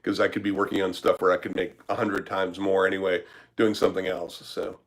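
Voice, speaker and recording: A man's voice: low voice, flat delivery, fairly quick, low-quality recording. A man who works as a startup business consultant, answering questions in a casual live Q&A, blunt and profane with lots of filler words.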